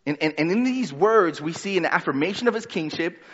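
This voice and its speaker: A man's voice: fairly high pitch, lively intonation, fairly quick, fairly bright tone. A man preaching a sermon as pastor, reading scripture and then retelling it in casual, conversational words. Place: church sanctuary. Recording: dull sound with long hall reverb.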